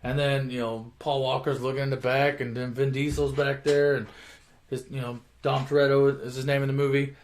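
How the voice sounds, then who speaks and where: A man's voice: mid-range voice, little pitch movement, fairly quick. A man retelling a movie plot in a casual, rambling way, with lots of swearing and filler words. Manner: rambling, profane, full of fillers. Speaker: storyteller.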